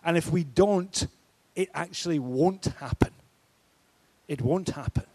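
Emphatic preacher man, slightly high voice. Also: unhurried, darkish tone. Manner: emphatic, declaring, rising and falling in force. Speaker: pastor. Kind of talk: sermon.

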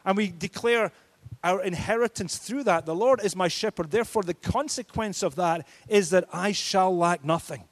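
A man's voice: high-pitched, normal speed. A man preaching a sermon, emphatic and declaring, his force rising and falling. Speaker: pastor.

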